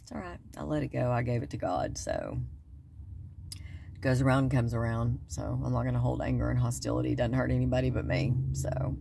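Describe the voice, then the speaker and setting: A woman's voice: extremely low pitch, big pitch swings, brisk, creaky, a bit bright, a little hiss or hum. A woman chatting and joking to viewers in a casual vlog, filmed on a phone in and around her car. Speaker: vlogger. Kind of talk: casual chat to camera. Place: in and around a car, going into a store.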